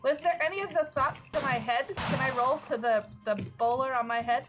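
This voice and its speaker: A woman playing in a live tabletop game, bubbly and animated. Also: sits high, fairly quick. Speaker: player.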